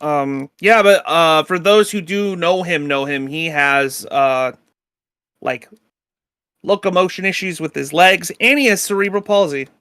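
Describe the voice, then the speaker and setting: Bright, clear-voiced young male game master. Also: on the high side, unhurried, dry recording, studio quality. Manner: casual, rambling, lots of filler words. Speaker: dungeon master. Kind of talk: narrating a tabletop game.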